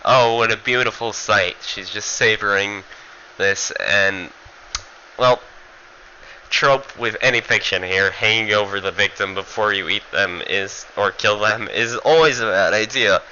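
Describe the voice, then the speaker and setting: A man's voice: on the low side, unhurried, pushed and bright, highs cut off, a little hiss or hum. A man giving a casual, rambling manga review, full of fillers and swearing.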